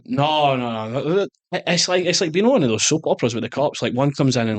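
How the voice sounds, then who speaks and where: A Scottish man in his thirties, a guest soccer coach, telling animated stories in a casual interview and slipping into quoted voices. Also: mid-range voice, fast talker, few pauses, no room sound. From Scotland.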